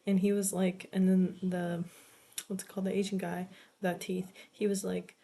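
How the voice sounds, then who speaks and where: A woman's voice: on the low side, flat delivery, normal speed, dark tone. A young woman in her late teens chatting casually in a vlog, rambling and swearing, with lots of "like" filler. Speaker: vlogger. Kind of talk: casual chat.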